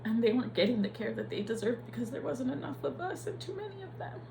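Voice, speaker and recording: A woman's voice: on the high side, animated, quick pace, vocal fry, background noise. A young adult woman, a nurse, speaking in a candid, profane and emotional personal vlog.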